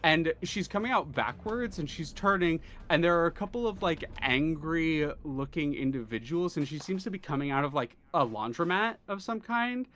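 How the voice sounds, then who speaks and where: A man's voice: fairly high pitch, lively intonation, normal speed, few pauses, fairly bright tone. A man narrating as game master in a tabletop game, with a rambling delivery full of fillers.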